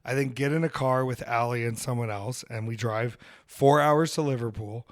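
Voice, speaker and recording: A man's voice: mid-range voice, steady tone, moderate pace, no room sound, clean studio sound. A man hosting a podcast in casual chat, telling rambling, jokey stories about wrestling.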